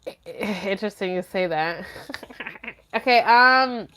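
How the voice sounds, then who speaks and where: A woman's voice: mid-range voice, unhurried, sharp tone, slight background noise. A young woman hosting a live stream, chatting casually and candidly with viewers in slangy speech full of fillers and the odd curse. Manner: laughs nervously when flustered. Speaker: livestream host answering viewer chat. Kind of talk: casual chat.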